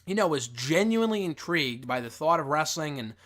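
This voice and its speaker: Getting over a cold, a man hosting a wrestling show gives a casual, rambling film review, swearing freely and piling up fillers and restarts. His voice sits on the high side with lively intonation, a bit bright and a little fast.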